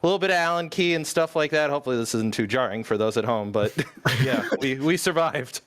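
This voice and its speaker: A man's voice: medium pitch, animated, brisk, fairly bright tone. A man on a call casually explaining a hardware fix, laughing often. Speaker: league member on call. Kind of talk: casual chat.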